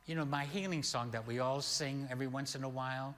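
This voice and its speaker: An older man preaching as a pastor, telling a healing story slowly and animatedly, with sudden loud peaks. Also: mid-range voice, steady tone. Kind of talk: sermon storytelling. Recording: long hall reverb.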